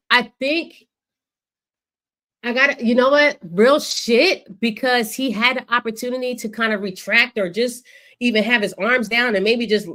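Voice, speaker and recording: A woman co-hosting a sports podcast in casual chat, animated and profane, acting out what players said. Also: a little high. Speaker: podcast co-host.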